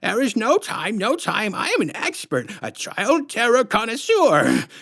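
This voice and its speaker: A man reading his storybook aloud, voicing a creepy, drooling old woman counselor whose squeaky baby talk slides into a dark hiss. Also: huge pitch swings, unhurried, creaky, husky, heavily acted. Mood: pushy.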